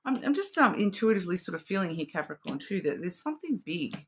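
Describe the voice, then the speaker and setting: A woman's voice: lowish voice, very animated, fast talker, slight background noise. An Australian woman giving a casual, intuitive card reading, rambling with many fillers and restarts. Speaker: card reader.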